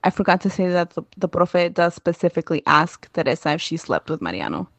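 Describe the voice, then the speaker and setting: A woman's voice: fairly low pitch, fast talker, vocal fry, no room sound. A woman co-hosting a podcast, casually recapping episodes and acting out the characters' lines. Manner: animated retelling, acts out characters' lines. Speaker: podcast co-host.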